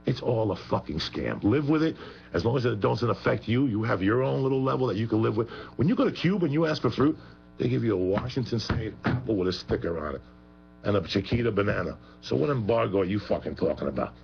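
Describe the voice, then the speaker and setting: Heard over a muffled radio broadcast with a faint hum, a male guest on a talk show rants in a heated, profane, emphatic, rambling way. His voice is fairly low and creaky, with lively intonation and a quick pace.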